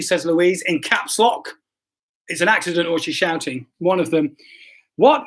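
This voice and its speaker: Brief: male pastor hosting a live stream, high voice, jokey, apologetic, bumbling. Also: lively intonation, unhurried. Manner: jokey and self-deprecating, stumbles and apologizes. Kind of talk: casual livestream chat, reading quiz results.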